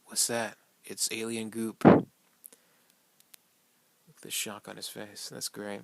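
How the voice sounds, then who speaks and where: A man's voice: lowish voice, monotone, slow pace, gravelly, slight background noise. A man giving a casual, rambling fan commentary on a film, loose and profane, full of fillers and small chuckles.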